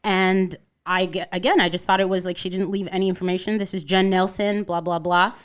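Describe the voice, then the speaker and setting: A woman's voice: on the low side, flat delivery, fairly quick, clear, resonant tone. A woman in her thirties from Connecticut, a podcast guest telling a personal story in casual conversation and acting out the voices of people in it. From Connecticut, USA. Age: 30s.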